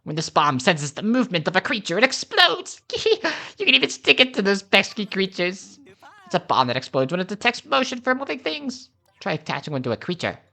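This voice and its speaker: Man playing a cackling video-game inventor, high and giddy. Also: big pitch swings, a little fast, vocal fry, sharp tone, heavily acted. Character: gleeful inventor, proud of gadgets.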